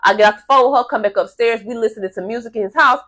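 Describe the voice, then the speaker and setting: A woman with a somewhat high voice telling a storytime to her camera. She talks in a loose, animated, profane way, acting out the other people in the story as she goes. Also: very fast. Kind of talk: casual storytime monologue.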